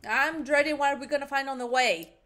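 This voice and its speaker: A woman's voice: sits high, fairly quick, pushed and bright. A young woman commenting casually while playing a game, jumpy and chatty, mocking herself. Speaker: gaming streamer. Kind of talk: casual let's-play commentary.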